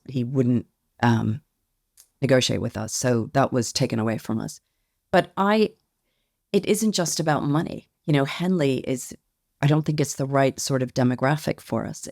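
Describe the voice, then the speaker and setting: Gravelly-voiced woman, reflective guest. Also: very deep voice, a little mellow, dry recording, studio quality. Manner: reflective, measured, hedging. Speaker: interview guest, company founder. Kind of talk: podcast interview.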